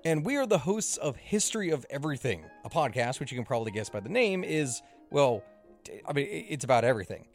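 A man's voice: mid-range voice, very animated, fast, faint music behind. A man hosting a history podcast, reading an upbeat scripted promo.

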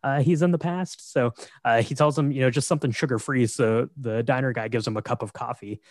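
A man's voice: mid-range voice, brisk, no echo. Easygoing man recapping a film, dry sound. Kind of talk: casual film recap chat.

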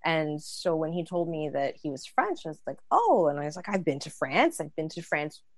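A woman in her thirties telling a casual, animated story, acting out the lines of others. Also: low-pitched, a little fast, no room sound. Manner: animated, acts out dialogue. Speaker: storyteller guest.

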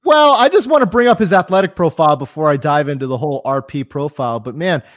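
A man guesting on a sports podcast as a broadcaster, teasing and animated in casual chat. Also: fairly high pitch. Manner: animated, teasing, quick to laugh.

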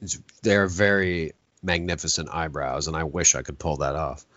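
A man's voice: very deep voice, fairly even intonation, moderate pace, a bit bright, dry recording, muffled recording. A man co-hosting a casual film podcast, joking dryly and reading listener comments aloud. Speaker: podcast co-host.

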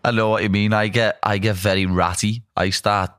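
A man's voice: lowish voice, level tone, fairly quick, fairly bright tone, dry recording, clean studio sound. A young man, a pro fighter, chatting bluntly and casually about cutting weight. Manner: rambling, blunt, laughing. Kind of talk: casual chat.

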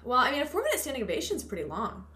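A young woman co-hosting a casual podcast, reacting with quick exclamations and easy laughter. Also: high-pitched, huge pitch swings, sharp tone, reverberant. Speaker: podcast co-host. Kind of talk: casual chat.

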